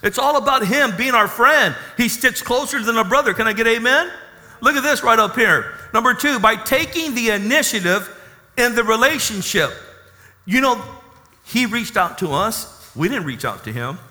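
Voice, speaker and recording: A man's voice: very high voice, animated, moderate pace, bright, forceful tone, long reverb tail. A man preaching a sermon with emphatic, call-and-response asides to his congregation. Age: 30s. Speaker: pastor.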